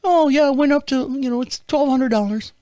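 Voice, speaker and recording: A man voicing a young female bank phone representative who speaks in a high, hesitant customer-service voice. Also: a little fast, warm tone, no room sound, clean studio sound, natural voice. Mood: meek.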